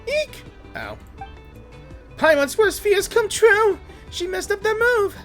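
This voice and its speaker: A man voicing a small, excitable floating girl companion in a game, reading her lines with squeaky, shrill exclamations. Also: slow pace, soft background music, heavily acted. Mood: panicked.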